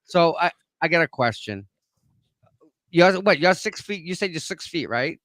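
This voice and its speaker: A man with a Boston accent talks through a case on a livestream, pressing his points hard and repeating them. His voice sits a little high and sounds smooth and clear. The sound is dry and close. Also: normal speed, no echo. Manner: animated, emphatic, repeats points. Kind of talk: livestream discussion.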